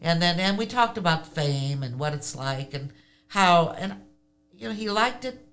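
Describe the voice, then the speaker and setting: An older woman telling stories in a casual interview, animated and laughing often. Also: on the low side, unhurried. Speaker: podcast guest.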